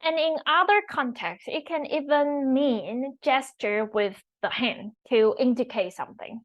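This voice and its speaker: A woman who teaches online, explaining tones slowly and carefully and repeating each example word. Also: a little high, low-quality recording. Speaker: Mandarin teacher. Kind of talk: online language lesson.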